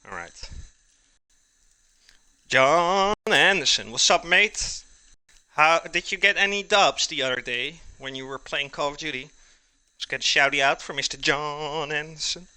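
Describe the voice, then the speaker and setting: A man's voice: mid-range voice, moderate pace, pushed and bright, clean tone, dry recording. A man hosting a live cooking stream, chatting casually with his viewers, joking, laughing often and answering their messages while he cooks in his kitchen. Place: home kitchen.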